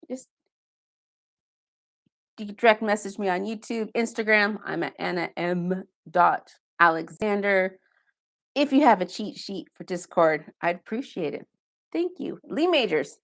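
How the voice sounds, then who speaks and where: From her home basement, a woman with a medium-pitched, slightly bright voice hosts a casual live stream. She reads viewer comments and answers them one by one, chatting loosely with self-deprecating asides.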